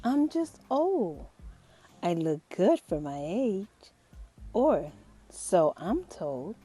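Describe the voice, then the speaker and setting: A woman voicing a kindly, patient old mummy teacher who speaks in rhyme, slow and teacherly, for a storybook reading. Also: medium pitch, big pitch swings, mellow, husky, full character voice. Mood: rhyming.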